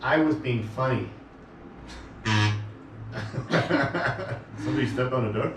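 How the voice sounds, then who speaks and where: A man's voice: medium pitch, slow pace, a bit bright, roomy sound, recorded from a distance, faint music behind. A man co-hosting a local radio talk show, joking and laughing a lot as he banters with his co-host and guest. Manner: jokey, laughs often. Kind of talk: casual banter. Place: radio studio.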